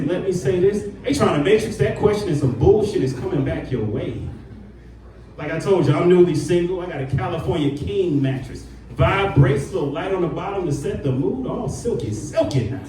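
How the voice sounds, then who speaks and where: A man's voice: high-pitched, lively intonation, fairly quick, noisy background. A man from Detroit doing stand-up, with a loose, conversational delivery and frequent asides like "you know" and "man". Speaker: stand-up comedian. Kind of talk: stand-up set. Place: comedy club stage with a live audience. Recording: roomy live club sound, audience laughter, from far off.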